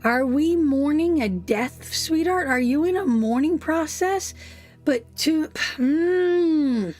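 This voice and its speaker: Woman tarot reader, high and unhurried, calling the viewer sweetheart; faint music behind. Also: lively intonation, a little mellow. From Canada. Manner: emotive, addresses viewer as sweetheart. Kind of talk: live tarot reading.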